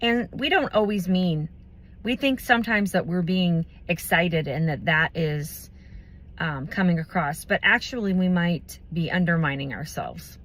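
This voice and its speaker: Lady giving a slow calm pep talk on speaking with confidence, lowish voice, lots of pauses and ums. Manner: unhurried, thoughtful, with pauses and fillers. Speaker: business community speaker. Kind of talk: motivational talk on communication.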